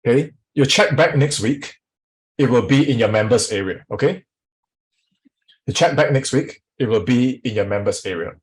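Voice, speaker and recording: A man as a sales coach teaching a live online workshop, energetic and often putting questions to the audience. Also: medium pitch, normal speed, husky, rough recording.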